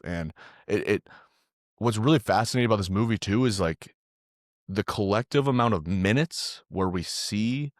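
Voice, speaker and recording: A podcast co-host reviews a film in loose, profane chat, saying "dude" a lot. His voice is fairly low, and the recording is dry with clean studio sound.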